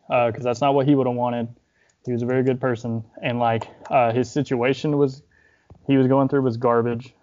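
A young man speaks on a casual podcast at an ordinary, medium pitch. He rambles and swears, leaning on filler words. He sounds grief-stricken, as if fighting back tears, and the recording is a little dull and lo-fi. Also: flat delivery, moderate pace, darkish tone. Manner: rambling, heavy use of filler "like", frequent swearing. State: grieving, holding back tears. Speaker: podcast host, wrestler.

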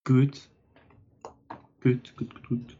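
A man's voice: mid-range voice, flat delivery, very slow, muffled recording, very noisy. A man playing in a tabletop game, casual and playful, often repeating words. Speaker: player.

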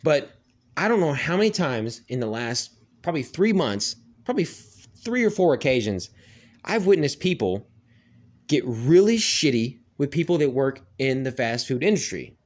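A man's voice: mid-range voice, very animated, normal speed. A man in a casual ranting monologue, swearing freely and rambling with lots of "like" fillers. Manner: profane, rambling, heavy "like" fillers.

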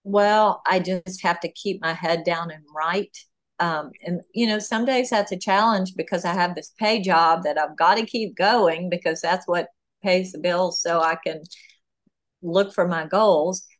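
Animated woman guest in a podcast interview. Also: lowish voice, measured pace. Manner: animated, talks through ideas with many fillers. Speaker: author and guest.

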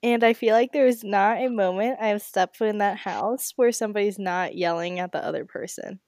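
A woman's voice: medium pitch, brisk, a little mellow, no room sound. Wry, teasing woman, dry sound. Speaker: podcast guest. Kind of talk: casual chat.

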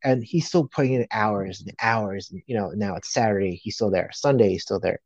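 A man's voice: lowish voice, fairly quick, darkish tone, no room sound. A man casually telling a long workplace story as a guest, peppering it with "you know". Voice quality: frequent "you know" fillers. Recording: dull lo-fi sound.

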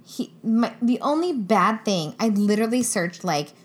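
A woman's voice: mid-range voice, expressive, normal speed. A young woman co-hosting a podcast in casual chat, giggly and chatty, often trailing off mid-sentence. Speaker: podcast co-host.

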